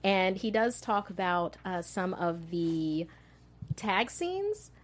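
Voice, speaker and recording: A woman's voice: mid-range voice, animated, slow. A woman hosting a casual movie news chat, bubbly and giggly as she talks. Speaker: host.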